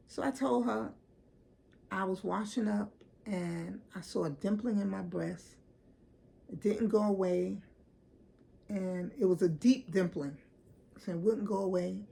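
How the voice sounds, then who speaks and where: A woman's voice: medium pitch, steady tone, measured pace, creaky, warm tone. A woman telling a personal story for her vlog in a candid, emphatic way, restarting and swearing as she goes. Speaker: vlogger.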